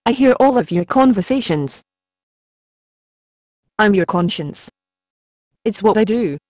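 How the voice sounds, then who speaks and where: An actor playing a patient, gently wry conscience spirit who sounds a little hurt, in an amateur stage drama. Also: mid-range voice, animated, unhurried, no room sound, natural voice. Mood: calm.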